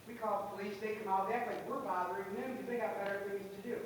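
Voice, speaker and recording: A man's voice: sits high, steady tone, quick pace. A man speaking as a resident at public comment in a council meeting, agitated and emotional, restarting his sentences. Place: council chamber. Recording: far-off mic in an echoey chamber, faint noise.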